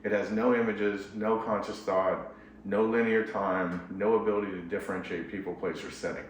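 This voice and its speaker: Low-voiced man in an echoey room. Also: steady tone, normal speed, recorded from a distance, slight background noise. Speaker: couples therapist. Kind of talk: casual explanatory talk.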